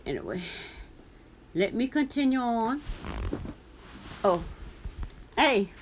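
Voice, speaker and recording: A woman's voice: on the high side, big pitch swings, takes it slowly, a little hiss or hum. A woman from the United States vlogging, reading a news article aloud and commenting on it, talking back to the text with pointed questions.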